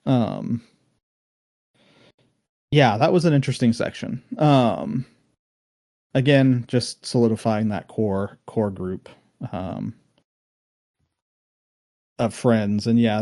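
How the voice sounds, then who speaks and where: Man, low-ish voice, dry close mic, podcast host who rambles with lots of ums. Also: takes it slowly, long pauses, darkish tone, dry recording. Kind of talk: casual podcast chat.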